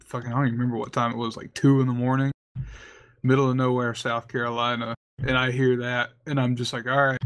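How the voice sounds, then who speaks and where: Man, mid pitch, quick laughing storyteller, swears, casual chat. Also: flat delivery, fairly bright tone, clear, resonant tone.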